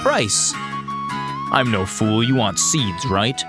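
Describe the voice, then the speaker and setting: A man's voice: on the low side, expressive, takes it slowly, over music. A man voicing a wily male squirrel bard in an attempted Irish accent, lilting and coaxing, from a tabletop-style game let's play.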